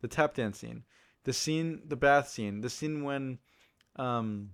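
A man's voice: mid-range voice, slow, fairly bright tone, smooth. Enthusiastic rambling man on a film podcast. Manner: enthusiastic, rambling, repeats yeah. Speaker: podcast co-host. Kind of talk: casual film chat.

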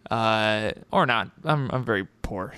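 A relaxed male podcast host chatting and signing off with listeners. His voice is smooth and crisp, recorded close and dry with no room sound. He talks loosely, with plenty of "uh"s and easy laughs. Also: on the low side, unhurried, dry recording. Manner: laid-back, laughs easily, trails off with fillers. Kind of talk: casual podcast chat.

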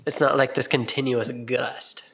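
A man's voice: medium pitch, flat delivery, a little slow, vocal fry, a bit bright, slightly rough. A man co-hosting a podcast in casual, playful chat, joking and laughing a lot. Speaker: podcast co-host.

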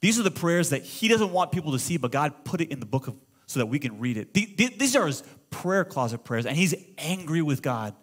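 A middle-aged man preaching a sermon as pastor, impassioned and conversational, at times shouting. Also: fairly high pitch, very animated, a little fast. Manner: impassioned preaching, swings to shouting when quoting prayers.

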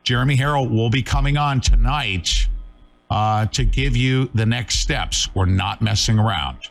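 A man's voice: mid-range voice, measured pace, vocal fry. A middle-aged man hosting a live talk show, talking urgently and emphatically, scolding his viewers.

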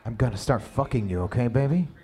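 A man reading the part of a tender, encouraging male lover in an amateur audio story, murmuring softly and reassuringly. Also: animated, fast, lightly acted. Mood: soothing. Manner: low murmuring, soft and reassuring.

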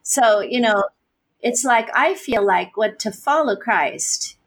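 A woman's voice: on the high side, animated, takes it slowly, husky. A woman pastor answering interview questions, speaking earnestly and with passion, often adding "you know" and "right?".

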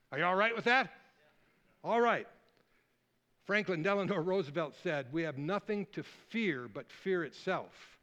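Lively man preaching a sermon. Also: on the high side, muffled recording. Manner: lively, rambling, audience call-and-response. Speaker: guest preacher.

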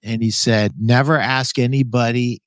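Male podcast host, animated and jokey storyteller, medium pitch, dry close mic. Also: moderate pace, no room sound. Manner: animated, jokey, laughs often, calls guest "brother". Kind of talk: casual interview chat.

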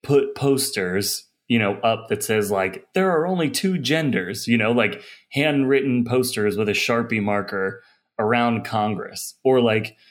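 A man's voice: lowish voice, measured pace. Sarcastic rambling man on a podcast. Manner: sarcastic, rambling with many fillers. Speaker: podcast panelist. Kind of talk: casual political chat.

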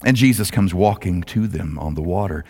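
A male pastor preaching a sermon as a dramatic storyteller who swings between loud, rising lines and hushed, low ones. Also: moderate pace. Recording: long hall reverb.

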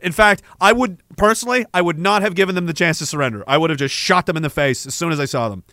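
Male livestream host from Canada; profane, rambling storyteller with a bright, dry voice. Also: fairly high pitch, fast, dry recording. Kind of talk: casual livestream chat.

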